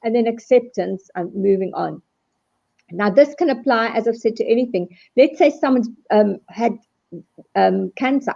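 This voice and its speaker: A woman's higher-pitched, mellow voice comes through muffled, lo-fi video call audio. She talks animatedly as a guest, slipping into quoted voices to make her points. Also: lively intonation, moderate pace, vocal fry. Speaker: guest speaker on resilience. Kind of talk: live video call discussion.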